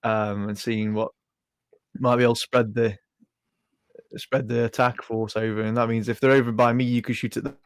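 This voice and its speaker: A man plays a tabletop game over a voice call from his home microphone. He thinks out loud in a middle pitch, trailing off and restarting. His sound is close and dry. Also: little pitch movement, moderate pace, smooth, no echo. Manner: thinks aloud with many ums and trailing restarts. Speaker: player. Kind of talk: casual tabletop game chat.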